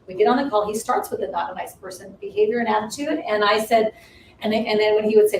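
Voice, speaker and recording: A woman's voice: medium pitch, steady tone, fast, darkish tone. A woman co-hosting a ministry livestream, earnestly telling a personal faith story with many restarts. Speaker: ministry co-host. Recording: roomy distant livestream audio, faint noise.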